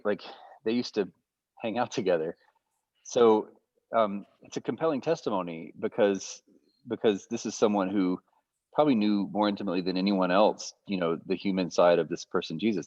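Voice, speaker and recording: Male guest lecturer, low voice, relaxed off-the-cuff teaching, dull lo-fi audio. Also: no echo. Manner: loose, thinking aloud with fillers. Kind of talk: conversational teaching. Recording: muffled lo-fi audio.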